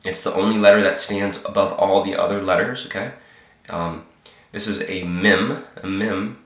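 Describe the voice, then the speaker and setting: A man with a very low voice and a cold that roughens it, teaching slowly and patiently. He repeats each sound and keeps checking in with the listener. The room around him rings with echo. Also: steady tone, fairly bright tone. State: sick, slightly hoarse. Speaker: Hebrew teacher. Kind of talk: informal alphabet lesson.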